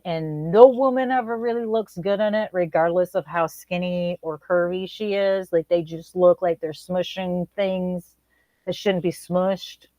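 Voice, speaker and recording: Animated woman co-host telling stories. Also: no echo. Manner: animated, incredulous storytelling with big pitch jumps. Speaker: podcast co-host. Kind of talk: casual chat.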